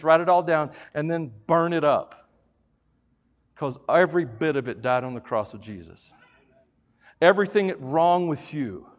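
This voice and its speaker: Man, pastor, sermon, high-pitched voice, loud preaching and quiet joking asides, church.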